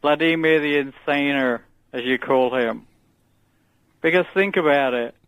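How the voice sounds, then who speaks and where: Caller: slightly high male voice, rambling and jokey, dull phone-line sound. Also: a little slow, clean tone, no room sound. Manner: rambling, jokey conspiracy musings. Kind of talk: phone-in call.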